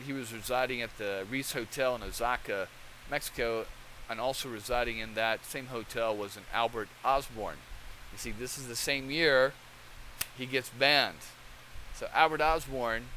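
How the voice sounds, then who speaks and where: A man's voice: medium pitch, bright, forceful tone, a little hiss or hum, rough recording. A man hosting a channel, talking in rambling casual commentary and often checking in with the listener. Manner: rambling, conversational, keeps checking in with okay. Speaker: channel host.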